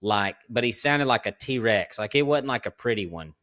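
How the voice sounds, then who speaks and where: A man, hosting a podcast and telling ranch stories in a relaxed, drawling way, laughing often. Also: lowish voice, moderate pace. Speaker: podcast host. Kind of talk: casual storytelling chat.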